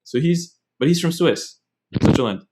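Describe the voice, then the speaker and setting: A man's voice: fairly high pitch, animated, moderate pace, darkish tone, a little hiss or hum. A young man hosting a podcast, telling stories in a loose, rambling, casual way. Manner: rambling, digressive storytelling. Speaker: podcast host. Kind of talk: casual chat.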